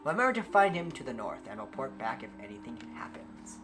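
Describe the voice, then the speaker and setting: A man voicing a weary, world-worn male captain who gives orders gravely, with game music behind. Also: medium pitch, sing-song, fairly quick, lightly acted. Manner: grave, commanding.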